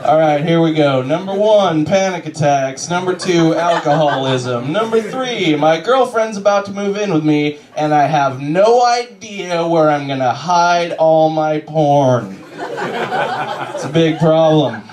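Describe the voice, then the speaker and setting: A man doing stand-up on a small club stage, his voice sitting a touch high for a man. He delivers deadpan and slips into quick character bits. The sound is roomy and echoey, like a handheld mic in a small venue. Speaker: stand-up comedian. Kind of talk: stand-up comedy set. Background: audience laughter.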